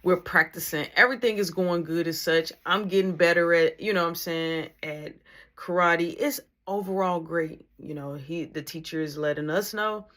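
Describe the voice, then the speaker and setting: Slangy animated storytime narrator, woman. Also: fairly low pitch, moderate pace. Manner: animated, slangy, acts out other people.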